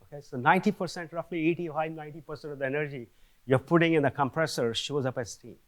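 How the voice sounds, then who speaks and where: A man's voice: fairly high pitch, fairly even intonation, fast talker. Older male lecturer, chatty academic delivery, checks in with the room often. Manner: conversational, frequent "okay?" check-ins with restarts. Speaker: seminar speaker. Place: lecture hall.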